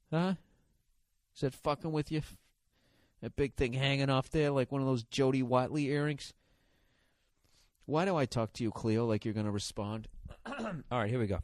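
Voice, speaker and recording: A man's voice: medium pitch, brisk, dry recording. A man hosting a podcast, telling a comic story as a profane, exasperated rant. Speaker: podcast host. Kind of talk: comedic storytelling monologue.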